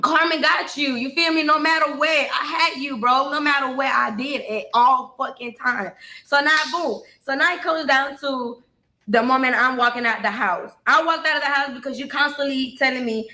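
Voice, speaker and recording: High bright woman telling her story. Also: normal speed, echoey room. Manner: blunt, swears freely, addresses listeners as y'all. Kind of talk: emotional personal storytelling.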